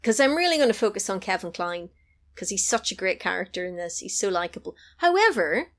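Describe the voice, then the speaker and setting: A woman on a podcast, chatting casually as she retells a film scene by scene, now and then jumping high to act out lines. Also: brisk. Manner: animated storytelling, acting out lines in a high voice. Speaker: podcast co-host recapping a film. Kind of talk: casual chat.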